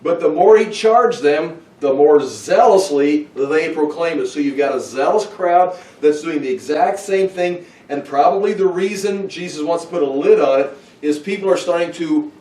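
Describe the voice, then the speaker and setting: A man's voice: fairly high pitch, normal speed, a little mellow. A man teaching a Bible study who thinks aloud with restarts and asides. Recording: roomy, from far off the mic.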